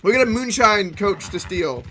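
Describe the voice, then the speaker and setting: A young man chats playfully with his viewers while he plays, his voice pitched high and ringing bright. He swings up and down all the time in an animated way. A faint hiss sits under the recording. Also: moderate pace. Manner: playful, excitable, laughs often, answers chat. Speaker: gaming streamer. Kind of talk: casual gameplay commentary.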